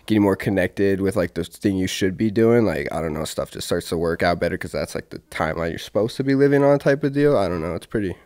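A man's voice: low-pitched, expressive, fast talker, few pauses, a little mellow, dry recording. A young man, a fighter guesting on a podcast, talking hesitantly with lots of fillers. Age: young adult. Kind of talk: casual podcast chat.

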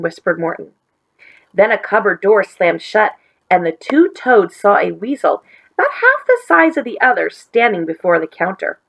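Gravelly-voiced woman reading a story. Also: mid-range voice, moderate pace, poor audio. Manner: gentle, expressive storytelling. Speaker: teacher reading aloud. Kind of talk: children's read-aloud.

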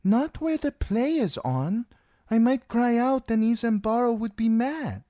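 A high, coy young girl from a storybook reading, sweet on the surface and sly underneath, her phrases swinging up and down, as a male narrator puts her on. The read is close and dry. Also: lively intonation, unhurried, mellow, dry recording. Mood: pleading.

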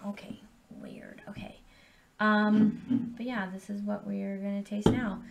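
Slow-talking, foul-mouthed woman vlogger. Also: medium pitch, steady tone, creaky, noisy background. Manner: laid-back, swears freely, rambling with many ums. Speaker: vlogger reviewing drinks. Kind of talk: casual profane vlog chat. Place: at home.

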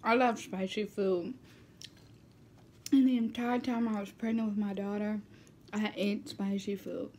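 A woman talks at an unhurried, slow pace as she eats on camera, her voice mellow and warm. She chats casually and now and then slips into a soft whisper. The sound comes from a built-in camera mic, with a faint hum of room noise behind her. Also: mid-range voice, fairly even intonation. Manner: chatty, at times drops to a soft whisper. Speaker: mukbang vlogger. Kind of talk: casual chat while eating.

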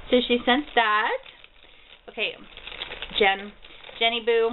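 A woman in her thirties with a medium-pitched voice speaks unhurriedly and pauses often. Vlogging at home for a casual mail haul, she gushes in a bubbly, easily delighted way over a package of gifts. Her built-in camera mic gives tinny lo-fi audio with faint hiss.

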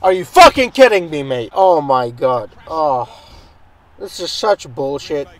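A man commentating his own football video game, excitable and swearing often, shouting at plays. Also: on the high side, unhurried, rough recording. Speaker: gaming channel host.

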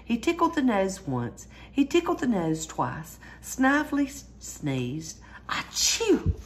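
A woman reading a children's storybook aloud in a lively way, jumping higher for the characters' cries. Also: a little slow. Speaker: storyteller reading a picture book.

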